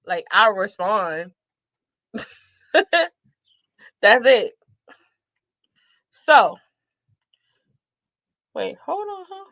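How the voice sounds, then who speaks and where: Woman, thirties, sassy vlog storyteller, slow and bright, dry dull-sounding mic. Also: fairly high pitch, no room sound. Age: 30s. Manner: sassy, animated, laughs often. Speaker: vlogger. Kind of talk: casual storytelling to viewers.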